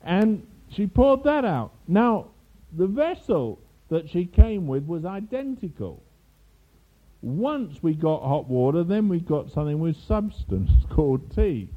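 An older man from England preaches a sermon, mixing teaching with anecdotes and small laughs. His voice swings widely in pitch as he tells the story. The recording is narrow and tinny, like a telephone line. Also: slow. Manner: storytelling with asides and laughs, animated. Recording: tinny phone-like sound.

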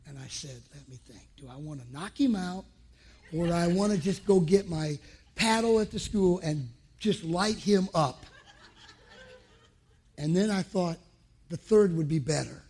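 A man's voice: on the high side, unhurried, darkish tone. A man preaching a sermon to men, telling a personal story in an emphatic way and acting out past conversations. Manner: emphatic, acts out his own past dialogue.

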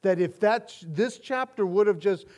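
A male pastor preaching a sermon in an earnest way, often restarting and repeating words, and moving between quiet and emphatic passages. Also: sits high, moderate pace.

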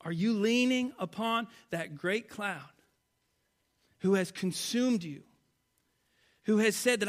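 Man, pastor, sermon, high-pitched voice, animated, loud-to-hushed delivery. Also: slow pace, long pauses. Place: church stage before a congregation.

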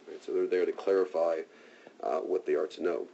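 A man's voice: sits low, fairly even intonation, brisk, gravelly, warm tone, slight background noise. A man preaching a conversational sermon, casual and talky, often checking in with "right?", in a dull lo-fi recording.

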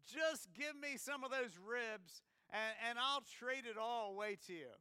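A preacher acts out a young prince, ravenous and gushing over barbecue. He sounds high and clean-toned, American rather than British, with a dry, close sound. He draws out each word in eager delight. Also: expressive, bright, forceful tone, clear, resonant tone, no echo, heavily acted. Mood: pleading. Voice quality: eager, drawn-out exclamations. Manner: gushing, slowed for effect.

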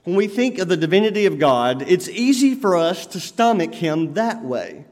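Guy preaching a sermon, high voice, big echoey hall, gets loud then drops real quiet. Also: sing-song, moderate pace. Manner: dynamic, swings from loud emphatic lines to quiet lowered ones. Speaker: pastor.

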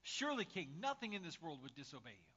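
Fawning royal courtiers gush over their king in high, eager voices, put on by a male preacher. The tone is bright and lively. The recording sounds slightly muffled. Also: quick pace, breathy edge, heavily acted. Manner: high, gushing flattery.

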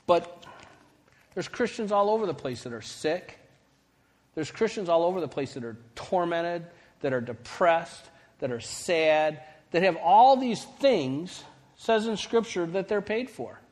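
A man's voice: sits high, lively intonation, measured pace. Man preaching a conversational sermon. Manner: conversational preaching with rising emphasis and sudden quiet drops. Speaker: pastor.

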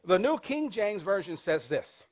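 A pastor in his fifties delivers a sermon, putting call-and-response questions to his congregation and alternating between booming and quiet passages. His voice sits high and is highly animated, with a slightly slow pace.

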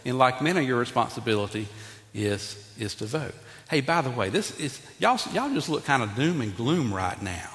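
A man preaching a sermon, talking directly to his congregation and acting out Bible figures in an animated way. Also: mid-range voice, moderate pace. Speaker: pastor. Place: church sanctuary. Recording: long reverb in a large hall.

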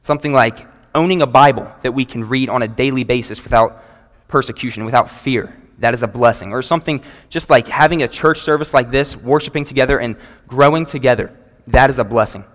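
A man preaches earnestly to his congregation, pausing to read scripture aloud in a steady, measured way. His voice sits in a middle register. It rings out with the long reverb of a large church hall. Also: mid-range voice. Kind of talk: sermon. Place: church sanctuary before a congregation.

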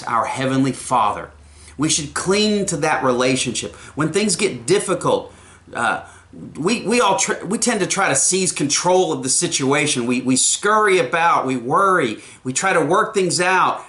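A man's voice: a little high, sharp tone. A man preaching a sermon, earnest, often repeating the first words of a phrase.

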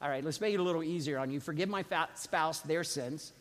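A man preaching a sermon as a pastor, calling on the congregation to repeat after him and swinging from quiet asides to shouted emphasis. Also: a little high, fast talker. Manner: preaching with call-and-response to the congregation. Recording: long reverb of a large hall.

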